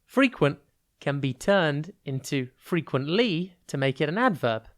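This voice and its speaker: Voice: medium pitch, very animated. Tutor spelling out vocabulary. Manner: clear, deliberate explaining, spells words out letter by letter; stretches key words to show stress. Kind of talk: podcast vocabulary lesson.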